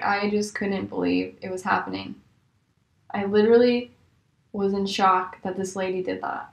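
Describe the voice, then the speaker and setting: A young woman vlogger telling casual stories about rude customers, animated and exasperated, her voice jumping high in disbelief. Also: vocal fry. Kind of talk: casual storytelling. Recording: echoey room.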